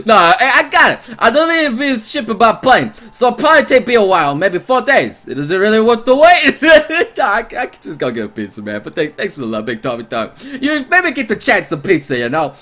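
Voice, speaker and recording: Brief: male game streamer, bright, high, animated, crude excited reactions. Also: brisk, few pauses. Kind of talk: reading and reacting to a visual novel.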